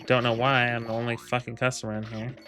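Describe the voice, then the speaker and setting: A man's voice: mid-range voice, level tone, fast talker, sharp tone, soft background music. A man casually telling a rambling, profane story, full of ums, laughs and quoted lines. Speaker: gaming video creator. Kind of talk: casual storytelling over gameplay.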